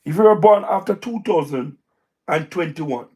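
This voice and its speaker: A man with a Jamaican accent giving emphatic, repetitive political commentary on a livestream, his voice going hoarse. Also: on the high side, animated, moderate pace, darkish tone. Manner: repetitive, emphatic, speaks in patois. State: hoarse, voice wearing out. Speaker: livestream host. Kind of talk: live-stream political commentary.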